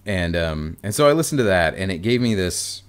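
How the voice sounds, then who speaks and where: A low-pitched American man talking straight to his viewers in a loose, rambling way. His pitch swings widely, and he tosses in wry asides. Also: lively intonation, moderate pace, smooth. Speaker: video host. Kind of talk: casual chat to camera.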